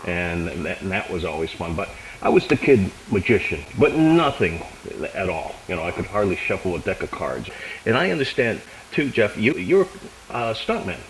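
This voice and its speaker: Low-ish guy host, rambly and chuckly, faint hiss behind. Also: sing-song, moderate pace, rough recording. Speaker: radio host. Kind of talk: casual phone interview.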